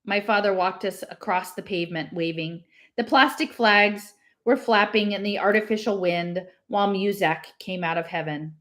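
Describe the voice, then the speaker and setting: A woman's voice: moderate pace, a bit bright. Woman, novel read aloud, plain narration, voices raised for dialogue. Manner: lifts pitch and voice for characters' lines. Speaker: reader.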